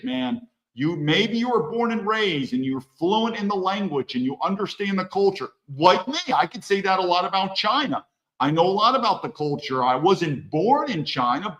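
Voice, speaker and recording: Blunt, high-pitched, lively male commentator. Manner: blunt, profane and emphatic. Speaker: host. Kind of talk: political commentary monologue.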